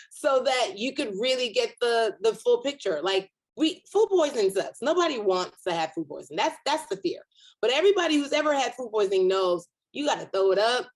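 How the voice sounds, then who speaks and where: A woman comedian and author, guest on a virtual panel, talking in an animated storytelling way and acting out inner voices. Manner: animated storyteller, acts out inner voices with big pitch jumps.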